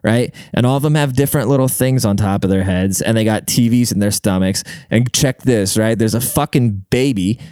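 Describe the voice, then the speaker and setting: A man's voice: lowish voice, moderate pace, few pauses, a little mellow, smooth, no room sound, clean studio sound. A man rambling through a casual comic monologue, profane and self-deprecating, full of fillers. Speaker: comedian and podcaster.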